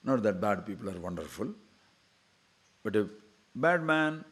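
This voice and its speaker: A man's voice: on the low side, very animated, measured pace, husky. An older man giving a spiritual discourse, talking conversationally with mocking asides and acted-out quotes. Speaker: spiritual teacher.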